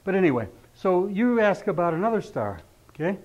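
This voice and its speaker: A middle-aged man lectures a class in a loose, conversational way, always checking in with quick rhetorical questions. His voice sits a little high for a man, and the recording sounds dull and lo-fi. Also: big pitch swings, a little mellow. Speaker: astrology teacher.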